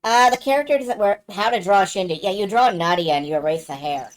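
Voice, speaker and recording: A woman's voice: mid-range voice, a little fast. A woman chatting casually and swearing offhandedly while live-streaming a game.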